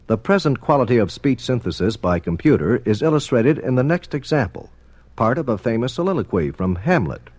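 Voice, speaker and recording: A man narrating a formal documentary in a measured, explanatory manner. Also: medium pitch, dry recording. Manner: measured, explanatory, expressive intonation.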